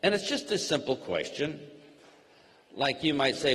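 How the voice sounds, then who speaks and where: Brief: male trainer, mid-pitched, slow clear teaching delivery, long reverb. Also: big pitch swings, a bit bright. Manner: slow, plainly worded, acts out sample dialogue. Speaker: network marketing trainer. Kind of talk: slow, simple teaching talk.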